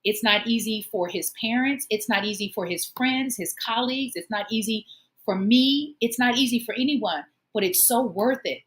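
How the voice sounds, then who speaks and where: Earnest woman host, fairly high voice. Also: normal speed, fairly bright tone. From Omaha, United States. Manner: earnest, encouraging, emotional at times. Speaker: show host. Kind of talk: heartfelt personal monologue.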